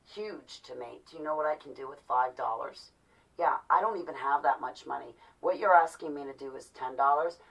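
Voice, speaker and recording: A woman's voice: deep voice, husky, recorded from a distance, low-quality recording. A woman in her forties ranting to her viewers in an exasperated, repetitive, pleading way. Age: 40s. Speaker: vlogger. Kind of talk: heated monologue to viewers.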